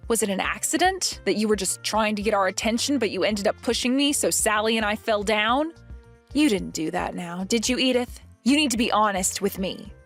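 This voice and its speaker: A woman's voice: medium pitch, a little fast, soft background music, natural voice. A woman voicing a young pregnant wife who questions others in a firm, earnest way. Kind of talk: animated story voice acting.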